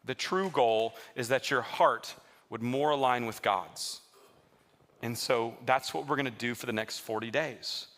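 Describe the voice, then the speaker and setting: A man preaching a sermon as a pastor to his live congregation in a church, telling stories in a lively way and teasing the listeners with jokes. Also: medium pitch, a little slow. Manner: lively, joking storyteller who teases the congregation.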